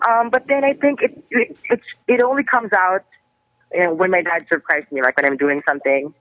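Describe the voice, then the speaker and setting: A young man calling in over a dull, lo-fi phone line, his voice soft and feminine-sounding. He talks hesitantly, with plenty of fillers and false starts. The sound is dry and close, with a slightly raised pitch. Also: brisk, dry recording. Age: 20s. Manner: hesitant, with many fillers and restarts. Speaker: caller. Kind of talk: casual phone call to a radio show.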